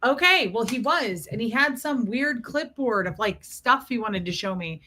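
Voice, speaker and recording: Casting: chatty woman livestream host, bright and slightly high voice, greets viewers by name between stories. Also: expressive, normal speed, a little hiss or hum. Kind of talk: casual livestream chat.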